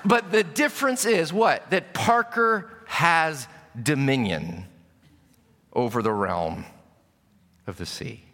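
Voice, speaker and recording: A man preaches in a church hall, his tone bright and forceful. He tells his story with sudden shouts and hushed drops. A long reverb trails every line. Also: fairly high pitch, big pitch swings, unhurried. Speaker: pastor. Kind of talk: sermon. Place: church sanctuary.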